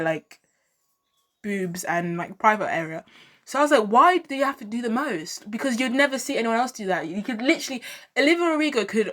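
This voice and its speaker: A woman's voice: mid-range voice, a bit bright. A woman, giving chatty, opinionated commentary in a vlog and repeating herself for emphasis. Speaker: music commentary vlogger.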